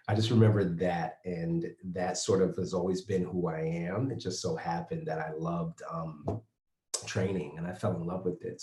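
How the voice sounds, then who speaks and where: A man's voice: low-pitched, a little mellow. A man, a personal trainer, talking as a guest in an interview, upbeat and laughing as he tells stories. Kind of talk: interview conversation. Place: remote, in his own home base. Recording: echoey room.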